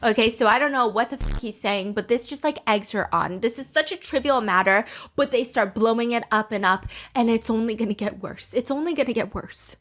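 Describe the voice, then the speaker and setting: A woman's voice: fairly high pitch, a little fast, few pauses, fairly bright tone. A young woman hosting a podcast, retelling reality dating drama in a sarcastic, gossipy, casual way and acting out what people said. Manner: gossipy and sarcastic, acts out quotes. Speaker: podcast host recapping a dating show. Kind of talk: casual storytelling chat.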